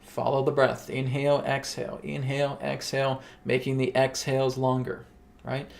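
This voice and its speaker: Gravelly man teaching spirituality casually. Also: medium pitch, completely flat delivery. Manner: quick, conversational, keeps asking "right?".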